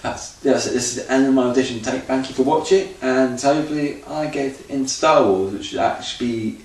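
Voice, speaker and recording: A man's voice: medium pitch, a little fast, a little mellow. Rambling man in an echoey room. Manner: rambling, loose, restarting often. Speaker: auditioning amateur actor. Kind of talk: unscripted audition vlog. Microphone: camera. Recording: echoey room, distant camera mic, faint ambience.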